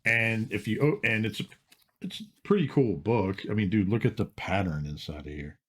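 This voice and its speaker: A man hosting a podcast chats casually in a laid-back, rambling way, tossing in plenty of "like" and "dude." His voice is fairly low, expressive, and a bit breathy, at a normal speed.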